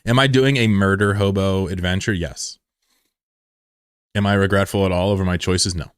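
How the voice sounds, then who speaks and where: Young male streamer, deep and dry, loose, profane banter. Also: steady tone, moderate pace, clean tone, no room sound. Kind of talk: casual live-stream chat.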